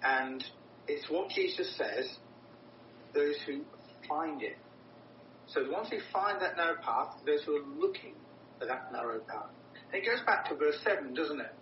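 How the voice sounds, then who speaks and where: A man's voice: expressive, moderate pace. A man preaching a sermon in an earnest, emphatic way, often repeating words for stress. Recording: roomy, distant, dull with low rumble.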